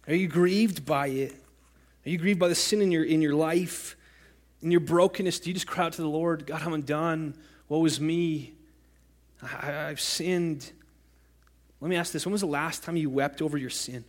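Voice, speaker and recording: A man's voice: on the high side, moderate pace. Earnest male pastor preaching. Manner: earnest, rising to impassioned cries when quoting scripture. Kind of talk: sermon.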